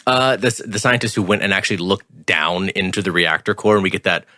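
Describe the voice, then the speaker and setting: A man co-hosting a podcast, talking in an animated, loose way and swearing casually. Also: low-pitched, brisk, no echo, clean studio sound. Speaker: podcast co-host.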